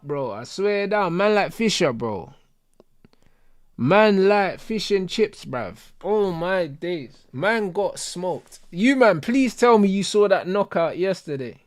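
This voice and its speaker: Animated man, dry close sound. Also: sits high, slow, no echo. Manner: animated slang-heavy banter, laughing. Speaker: host of a football watch-along stream. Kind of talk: casual stream chat.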